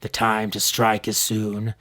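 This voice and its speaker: A man voicing a tall, shadowy villain leader in a deep, quiet, chilling voice. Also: monotone, slow, heavily acted. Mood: menacing.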